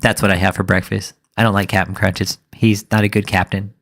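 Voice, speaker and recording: A man putting on a mocking impression of a smug preacher, drawling and hesitant, pitched below his own voice. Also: flat delivery, brisk, fairly bright tone.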